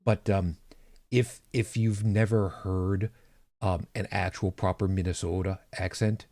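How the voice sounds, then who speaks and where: A man's voice: low voice, a little slow, no room sound. A man co-hosting a podcast in casual chat, stopping to explain things to listeners. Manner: animated, explains asides to listeners. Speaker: podcast co-host.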